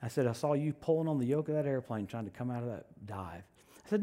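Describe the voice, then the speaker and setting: A man preaching a sermon, telling personal stories with animated swings from loud proclamations to hushed asides. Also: medium pitch, quick pace. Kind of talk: sermon with storytelling.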